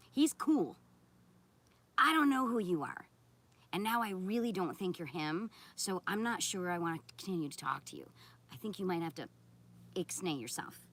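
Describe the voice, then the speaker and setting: Lively, sarcastic woman streamer. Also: on the low side. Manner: sarcastic and confrontational; blunt, scolding. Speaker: content creator on a live stream. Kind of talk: live stream, answering viewer chat.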